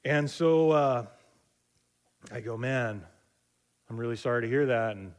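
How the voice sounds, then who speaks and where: A middle-aged man delivering a sermon in a relaxed, conversational way. His voice sits at an ordinary middle pitch, and he leans on fillers and restarts as he tells stories. He slips into other people's voices to act out the dialogue. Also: measured pace. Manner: acts out quoted voices in dialogue. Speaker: pastor.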